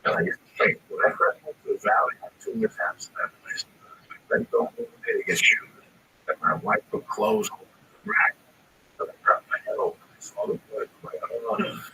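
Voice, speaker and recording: Comedian guy telling a story, high gravelly voice, lots of swearing, sounds a bit far off w/ faint noise. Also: brisk. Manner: animated, swearing, rambling. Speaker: stand-up comedian. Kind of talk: profane storytelling.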